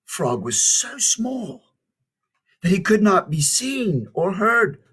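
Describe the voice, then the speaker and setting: A man reading a picture book aloud to children, animated and pausing to ask his listeners questions. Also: high-pitched, breathy edge.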